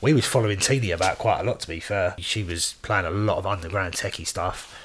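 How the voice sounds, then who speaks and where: A man chatting casually about his DJ and promoting days, relaxed and full of "yeah, mate". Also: low voice, brisk, slight background noise. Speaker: DJ and promoter, guest. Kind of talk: casual chat.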